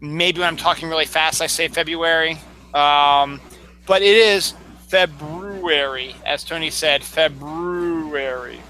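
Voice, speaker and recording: A man's voice: on the high side, normal speed, pushed and bright, poor audio. A man explaining word usage in a chatty, casual talk. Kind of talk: casual pronunciation chat.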